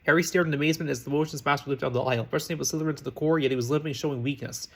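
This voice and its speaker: A man narrating a fan fiction story aloud, hurrying through the text and often stumbling and restarting words. His voice sits a bit high for a man, and the pace is very quick. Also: fairly even intonation, vocal fry. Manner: rushed, frequent slips and restarts. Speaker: reader.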